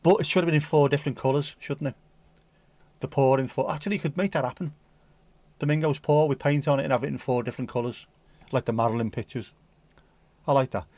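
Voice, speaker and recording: A man's voice: mid-range voice, quick pace, pauses often, darkish tone, no echo. A man with a mid-range voice chats his way through viewer comments on a livestream. He rambles and jokes as he goes. The sound is dry and close. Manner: jokey, rambling, playful. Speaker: livestream host. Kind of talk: casual chat reading viewer comments.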